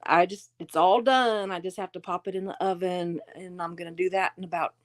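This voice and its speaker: A woman's voice: on the low side, steady tone, a little fast. Chatty woman hosting a livestream. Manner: chatty and rambling, reads viewer comments aloud, laughs often. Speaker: livestream host. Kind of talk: casual livestream chat.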